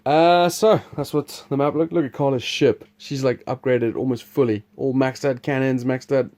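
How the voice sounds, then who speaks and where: Mellow-voiced man hosting a board game chat. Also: mid-range voice, fairly even intonation, normal speed. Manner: rambling, chuckling, restarts sentences. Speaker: host presenting a board game preview.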